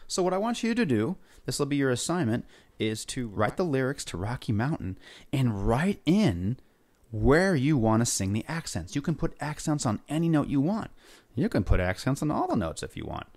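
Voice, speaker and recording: A man's voice: medium pitch, very animated, moderate pace, darkish tone. A male music teacher leading a lesson for young kids, upbeat and coaxing them to repeat words and sing along. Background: faint guitar.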